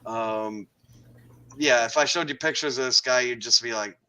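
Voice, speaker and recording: A man's voice: mid-range voice, moderate pace, bright, forceful tone, smooth, low-quality recording. A man in a casual podcast chat, telling a work anecdote in a dry, wry way, with frequent ums.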